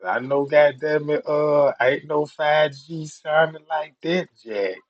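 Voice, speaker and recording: A man streaming who tells comedic stories in an animated, profane way and laughs often. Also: fairly high pitch, slow pace, dry recording, lo-fi sound. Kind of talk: comedic storytelling rant.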